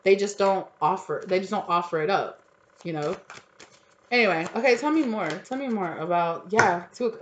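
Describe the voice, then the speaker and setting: A woman giving a casual tarot reading, chatty and animated, full of fillers and incredulous questions. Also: on the low side, dull audio, a little hiss or hum. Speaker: tarot reader.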